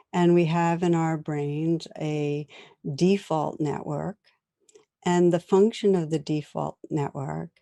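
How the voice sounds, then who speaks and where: A woman giving a dharma talk as a meditation teacher, gentle and reflective, often laughing softly as she tells stories. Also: sits low, dry recording, studio quality.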